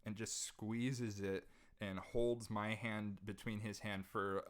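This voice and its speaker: A man's voice: on the low side, little pitch movement, slow pace. A young man, a podcast guest, earnestly telling an emotional personal story in casual conversation, restarting his sentences often as he goes. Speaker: podcast guest, jazz saxophonist.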